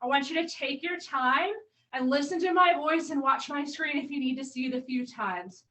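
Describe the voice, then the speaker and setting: A woman fitness coach calls out moves and counts down reps in a high, bright voice, slightly out of breath. She sounds set back from the microphone, as if moving around the room while she demonstrates. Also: moderate pace, recorded from a distance, low-quality recording. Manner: upbeat cueing, counting down reps. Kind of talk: live online workout instruction.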